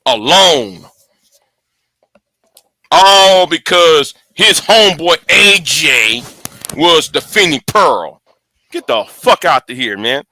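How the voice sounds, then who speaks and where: Male host, high lively pitch, close dry sound, angry profane rant with many restarts. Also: slow pace, no echo. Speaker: channel host. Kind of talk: casual livestream rant.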